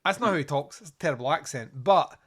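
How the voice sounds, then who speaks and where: Man, Scottish accent, podcast host, jokey rambling chat, slightly high voice. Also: expressive, fast, a bit bright, slightly rough. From Scotland. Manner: jokey, rambling, laughs often.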